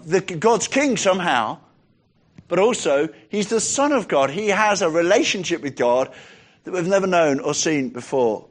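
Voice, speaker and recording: A man with a high voice preaches a sermon. He is emphatic and poses rhetorical questions, drawing out the key phrases slowly.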